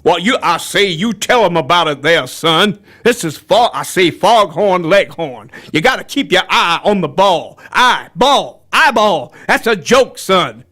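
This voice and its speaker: A man voicing a loud-mouthed cartoon rooster who talks in a blustery drawl and keeps saying "I say". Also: high-pitched, very animated, a little slow, few pauses, heavily acted. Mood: blustering.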